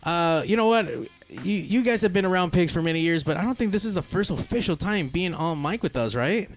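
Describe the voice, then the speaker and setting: A man's voice: sits high, animated, brisk. A man from Southern California hosting a podcast, talking casually with plenty of swearing and jokes. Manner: swears freely, loose and joking. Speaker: podcast host. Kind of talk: casual chat.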